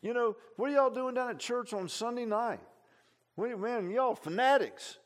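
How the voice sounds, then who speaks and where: Scoffing worldly man, high, incredulous, put on by a preacher mid-sermon. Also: expressive, moderate pace. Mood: mocking. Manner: mocking, incredulous.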